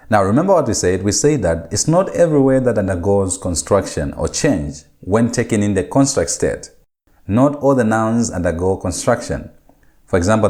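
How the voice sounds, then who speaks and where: Casting note: male lecturer, somewhat low voice, methodical, numbers his steps and repeats key rules. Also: a little mellow. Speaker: Hebrew grammar lecturer. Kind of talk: recorded lecture with slides.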